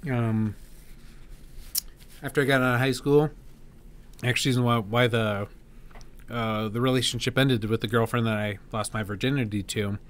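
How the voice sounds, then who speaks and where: A man's voice: medium pitch, fairly even intonation, normal speed, long pauses, clean tone. A man guesting on a podcast, chatting casually with loose, joking banter. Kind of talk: casual chat.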